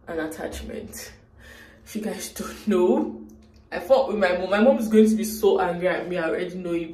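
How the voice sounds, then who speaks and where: A woman's voice: mid-range voice, dark tone, echoey room. A young woman from Nigeria chatting to camera at home in a rambling, emotional way as a vlogger. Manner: rambling, emotional, talks straight to viewers. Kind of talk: casual chat to camera. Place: room at home.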